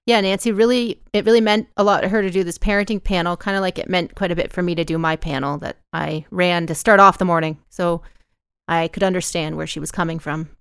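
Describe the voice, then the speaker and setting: A woman's voice: lowish voice, fairly even intonation, fairly quick, creaky, clear, resonant tone, no room sound, clean studio sound. A woman co-hosting a podcast, chatty and laughing easily. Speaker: podcast co-host and panel moderator. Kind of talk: casual recap chat.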